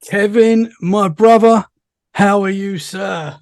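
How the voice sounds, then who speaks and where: An English man hosting a podcast in a casual chat, upbeat and quick to laugh. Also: sits high, darkish tone, no echo, studio quality. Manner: upbeat, laughs easily, enthusiastic praise. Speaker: podcast host.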